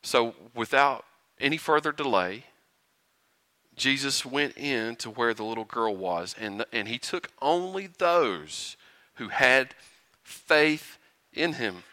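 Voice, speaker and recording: A man preaching a sermon, animated and often chuckling, building to rhetorical questions. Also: mid-range voice, takes it slowly, no echo.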